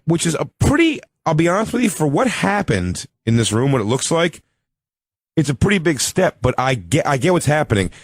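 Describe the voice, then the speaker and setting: A man's voice: fairly high pitch, big pitch swings, a little fast, husky, no echo, clean studio sound. A man hosting a talk radio show in casual comedic banter, laughing and acting out noises and quotes.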